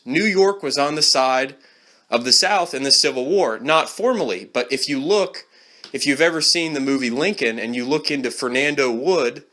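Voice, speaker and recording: Man with a bright, sharp voice. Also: on the high side. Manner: blunt, ranting, scornful. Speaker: vlogger. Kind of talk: opinionated solo monologue.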